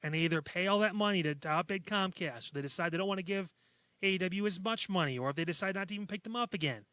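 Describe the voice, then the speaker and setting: A man's voice: high voice, fast, pushed and bright, dry recording. A man co-hosting a podcast in casual chat, blunt and sarcastic, with frequent swearing. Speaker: podcast co-host.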